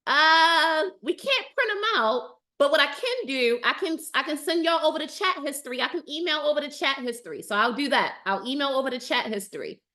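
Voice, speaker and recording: A woman's voice: sits high, lively intonation, a little fast, hardly any pauses, pushed and bright. A woman dating coach hosting a casual live stream. She reads out viewer comments and answers them with emphatic enthusiasm, repeating phrases for emphasis.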